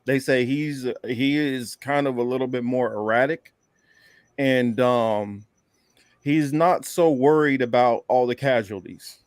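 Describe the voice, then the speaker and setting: A man's voice: mid-range voice, measured pace, smooth, no room sound, studio quality. A man co-hosting a political podcast, talking casually and loosely, often restarting his sentences. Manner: loose, conversational, trails off and restarts. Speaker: podcast co-host.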